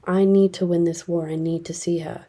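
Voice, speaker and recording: A man's voice: fairly high pitch, flat delivery, moderate pace, warm tone, lightly acted. A woman voicing a troubled king who earnestly asks for counsel, in a storybook retelling.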